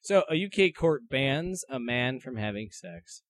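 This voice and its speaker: A man's voice: mid-range voice, lively intonation, measured pace. A man co-hosting a casual comedy podcast, reading out odd news stories and stumbling over his notes.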